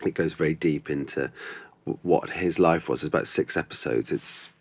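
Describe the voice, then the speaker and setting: A man's voice: rumbling low, moderate pace, creaky, no echo. A male actor chatting as a podcast guest, thoughtful, with many ums and restarts. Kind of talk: casual interview chat.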